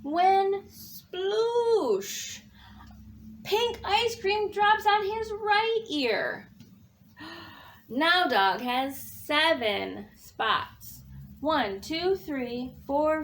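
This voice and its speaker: A woman reading a picture book aloud for children, counting along and gasping with animated emphasis. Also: high-pitched, drawn-out words, a little hiss or hum. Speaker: children's librarian. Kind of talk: children's storytime read-aloud.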